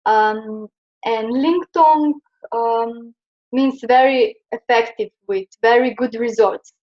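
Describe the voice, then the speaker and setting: A fairly high-pitched young woman from Slovenia explains Chinese pronunciation at a slow pace in a classroom. She falters often, filling gaps with filler words, on a dull lo-fi recording.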